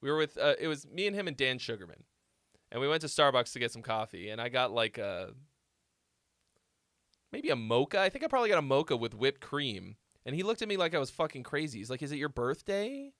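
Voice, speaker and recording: A man's voice: medium pitch, big pitch swings, brisk, a bit bright, no room sound, clean studio sound. A young man hosting a casual livestream, telling rambling stories full of swearing. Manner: laid-back storytelling, heavy swearing. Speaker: host.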